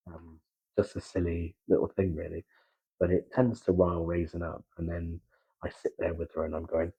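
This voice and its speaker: A man with a Gloucestershire accent chatting softly in a slow, halting ASMR style, with many pauses and drifts into whispering, close to the microphone. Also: sits low, level tone, breathy edge, poor audio. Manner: soft-spoken, slipping into whispers. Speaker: ASMR creator. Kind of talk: soft-spoken ASMR chat.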